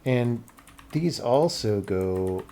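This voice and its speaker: A man narrating his own work on a livestream, thinking aloud in a loose, muttering way. He talks slowly and drawls through pauses, with a voice of ordinary pitch. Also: lively intonation, mellow, a little hiss or hum. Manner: slow, thinking aloud, mumbling asides. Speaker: game developer streamer. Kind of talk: casual livestream commentary while working.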